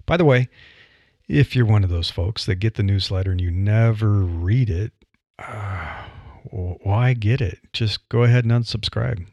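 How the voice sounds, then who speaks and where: He's an older podcast host from Nebraska, talking solo with a Midwestern accent and a blunt, dry wit that stays plain-spoken. The voice runs on the low side, a little slow and warm. There's no room sound, and the audio comes across dry and slightly dull.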